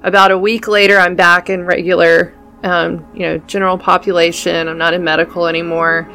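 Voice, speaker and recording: A woman's voice: fairly low pitch, flat delivery, a little fast, bright, forceful tone, faint music behind. A woman, a podcast guest earnestly telling her story of faith and recovery.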